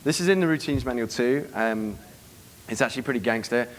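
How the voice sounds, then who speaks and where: A man giving a seminar to a live room, brisk and profane, acting out club scenes as he goes. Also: mid-range voice, lively intonation. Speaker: dating coach giving a seminar. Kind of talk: live seminar talk to an audience.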